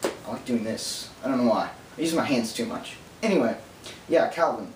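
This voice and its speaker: A man vlogging alone in a casual, rambling monologue, talking fast and drifting into nerdy tangents. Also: mid-range voice, lively intonation. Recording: roomy echo from distance, faint hum.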